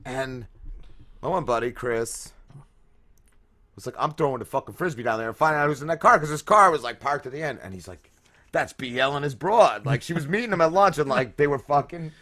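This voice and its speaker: Crude, animated male podcast host. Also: medium pitch, brisk. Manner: crude, rambling storyteller. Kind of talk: casual chat.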